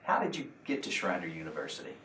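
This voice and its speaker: A man hosting a formal interview as university president, measured and a little hesitant. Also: deep voice, wildly swooping pitch, bright, forceful tone. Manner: measured, with frequent "uh" fillers. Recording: roomy, from a distant mic.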